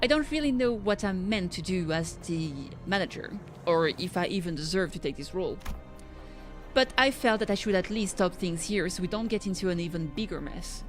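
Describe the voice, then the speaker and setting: A woman's voice: lowish voice, expressive, moderate pace, soft background music. A woman streamer reading a game's story aloud, sometimes stumbling and correcting herself.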